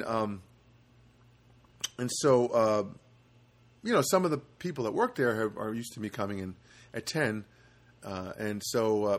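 Animated rambling male storyteller. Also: medium pitch, husky. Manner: rambling, animated, full of restarts. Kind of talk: casual storytelling monologue.

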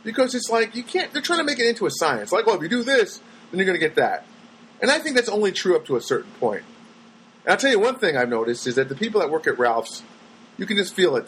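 In a rough recording with slight background noise, a man with a high voice delivers a casual, meandering monologue of everyday stories. He tells them animatedly, imitating the voices of the people he quotes.

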